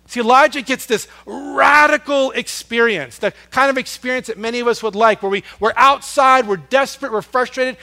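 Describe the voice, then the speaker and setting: A man preaching a sermon, earnest and storytelling, swinging from loud emphasis down to a hush on soft words. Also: high-pitched, moderate pace. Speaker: pastor.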